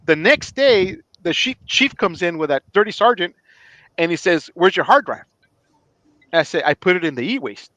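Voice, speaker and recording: A man's voice: high voice, normal speed, no echo. A middle-aged man, a retired police chief, telling a story in a casual podcast chat and acting out the dialogue. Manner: animated, acts out quoted dialogue.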